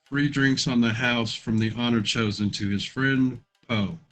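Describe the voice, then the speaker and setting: A man voicing a reserved male hero who speaks in a low, understated, slightly aloof way. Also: fairly even intonation, a little slow, fairly bright tone, soft background music, natural voice. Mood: dry.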